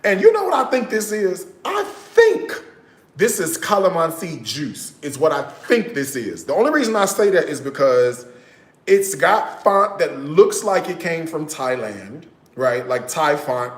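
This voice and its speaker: A chatty man with a drawl hosts a casual cooking livestream, his voice sitting a touch high for a man. He keeps asking "okay?" and calls his viewers "y'all". The sound carries a noticeable echo from a bouncy kitchen. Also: big pitch swings, measured pace. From United States. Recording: echoey room.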